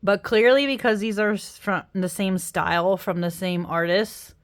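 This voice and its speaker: A young woman talks casually over her card decks, tired after a workday. She rambles and apologizes often, and her voice sits at an ordinary middle pitch. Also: moderate pace. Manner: chatty, apologetic, rambling with frequent laughs. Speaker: tarot deck reviewer. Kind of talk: casual deck flip-through.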